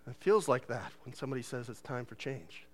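Jokey pastor with a lively voice. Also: male voice, medium pitch, a little fast, heavy background noise. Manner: jokey, animated, laughs often, puts on voices for quotes. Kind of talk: sermon. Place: church sanctuary.

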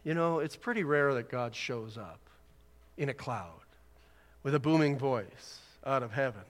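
Conversational preacher in a reverberant hall. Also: male voice, medium pitch, a little slow. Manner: conversational, rising to emphatic exhortation. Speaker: pastor. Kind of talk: sermon.

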